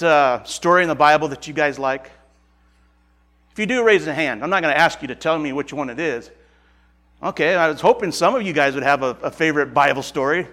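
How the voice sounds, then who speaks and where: A man preaches to his congregation with earnest, emphatic warmth. He talks in a casual, conversational way and often repeats phrases. His voice sits a little higher than most men's. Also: a little fast. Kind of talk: sermon to a congregation.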